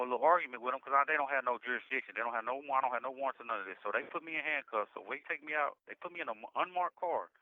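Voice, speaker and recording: A man recounting past events in a halting, repetitive way, speaking in dialect and restarting often, heard over a jail phone call. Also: mid-range voice, no room sound. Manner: halting, repetitive, frequent restarts and "you know what I'm saying". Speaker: incarcerated interviewee. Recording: tinny phone line, dry.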